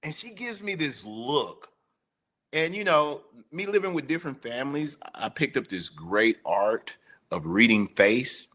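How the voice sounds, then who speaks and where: Bright-voiced man telling his story. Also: mid-range voice, a little slow. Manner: animated storyteller, acting out quoted voices. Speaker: podcast guest. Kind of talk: personal recovery story.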